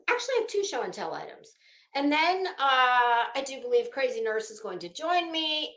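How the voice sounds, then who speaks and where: A woman's voice: fairly high pitch, a bit bright, reverberant. A woman hosting a fashion gossip commentary show at home, telling a rambling, profane, self-mocking story while hot and sweaty. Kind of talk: casual chatty commentary.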